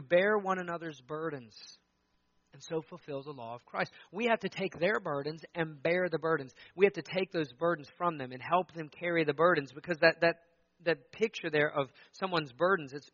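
Bright-toned man preaching conversationally. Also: fairly high pitch, dry recording, highs cut off. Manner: conversational preaching with acted-out quotes. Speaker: pastor. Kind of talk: sermon.

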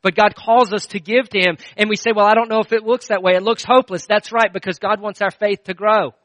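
A middle-aged man preaching a sermon in a high, bright voice. He tells stories conversationally, restarting phrases and dropping from loud to hushed. The sound is close and dry, with no room echo. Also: fairly even intonation, quick pace. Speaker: pastor.

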